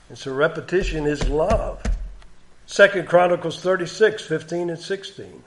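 A male preacher delivering a sermon in an unhurried, conversational manner. His voice sits a little higher than most men's, and he leans on repetition to drive his points home. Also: a bit bright. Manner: plain conversational preaching, repeats words for emphasis.

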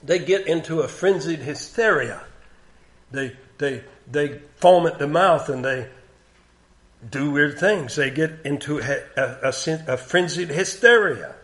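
A man's voice: fairly high pitch, a bit bright. A man preaching a sermon in a plain conversational way, repeating key words for emphasis.

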